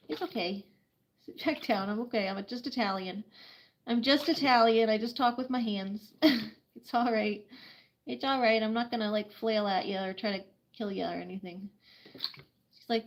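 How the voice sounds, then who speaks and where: A woman hosting a casual late-night livestream at home, chatting and laughing often as she bathes a bird, slipping into high baby talk. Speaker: livestream host caring for animals. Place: home at night, bathing a bird near a couch.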